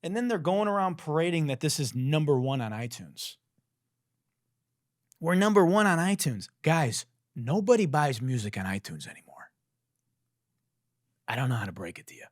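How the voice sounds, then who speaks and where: A podcast host tears into a song with sarcastic, swearing, animated mockery as comedic commentary. His musician's voice sits at medium pitch and moves a little fast, and the recording is dry and studio quality.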